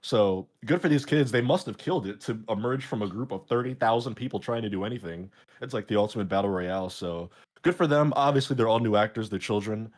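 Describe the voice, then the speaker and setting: A man's voice: lowish voice, fast talker. A man hosting a casual streamed chat show, talking in a rambling, jokey way with many fillers. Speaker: show host.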